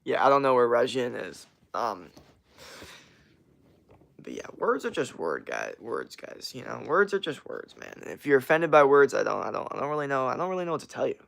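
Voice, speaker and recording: A man's voice: mid-range voice, big pitch swings, brisk, gravelly, a bit bright. A young man chatting casually on a livestream, rambling with lots of fillers and slang as he answers chat comments. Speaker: streamer.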